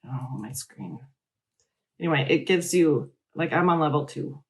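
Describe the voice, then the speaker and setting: Middle-aged woman rambling chattily about her crafts, voice a bit on the low side. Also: unhurried. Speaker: host. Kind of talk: casual chat.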